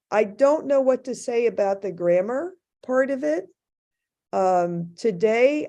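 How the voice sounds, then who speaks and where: A woman speaking as a faculty panelist in an academic discussion, thoughtful and halting, with many restarts. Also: mid-range voice, warm tone.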